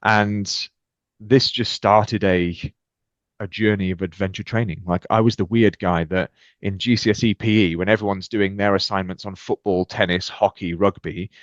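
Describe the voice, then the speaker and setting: A man's voice: fairly low pitch, normal speed, no echo. A British man in his thirties, a podcast guest, telling personal stories energetically and acting out what people said. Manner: energetic, acts out quoted exchanges with lively shifts. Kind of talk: animated storytelling in conversation. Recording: dull, muffled dry podcast audio.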